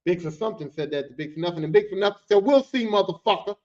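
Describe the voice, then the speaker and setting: A man hosting a podcast, telling a work story in a loose, profane, animated way. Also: fairly high pitch, rapid-fire. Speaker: podcast host and work-site boss. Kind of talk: casual storytelling. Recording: dull lo-fi audio.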